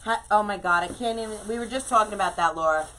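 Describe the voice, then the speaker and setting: A woman's voice: medium pitch, fast, bright, forceful tone, slight background noise. A middle-aged woman hosting a casual craft live stream, chatting effusively and greeting viewers by name as she works.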